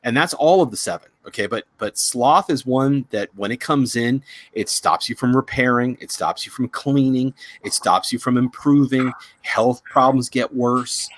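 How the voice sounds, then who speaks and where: A man hosting a casual chat, telling a story in a rambling, halting way with many restarts. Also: mid-range voice, fairly bright tone, dry recording. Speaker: psychic reader, show host.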